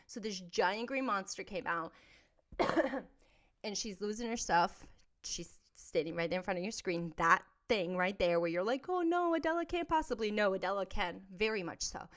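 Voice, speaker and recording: A woman hosting a podcast, telling a personal story in a candid, blunt and emphatic way, moving between soft asides and loud outbursts. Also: lowish voice. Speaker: podcast host.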